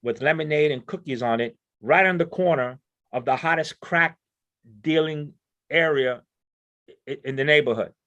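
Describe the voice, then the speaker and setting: A man's voice: fairly high pitch, moderate pace, fairly bright tone, lo-fi sound. A man speaking on a discussion panel, explaining his ideas in an earnest way and often repeating words as he builds each point. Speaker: panel speaker on crime prevention.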